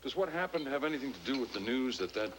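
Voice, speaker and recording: An actor playing a charming, flirtatious gentleman suitor who talks in a smooth, easy way. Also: mid-range voice, big pitch swings, quick pace, lightly acted. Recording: hissy old TV broadcast recording.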